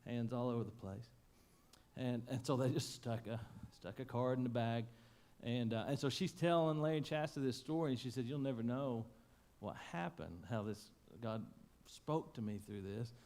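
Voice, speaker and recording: A man preaching a sermon, telling a story in a folksy, emotional way that swings from loud to hushed. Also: medium pitch, normal speed. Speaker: pastor. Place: church sanctuary.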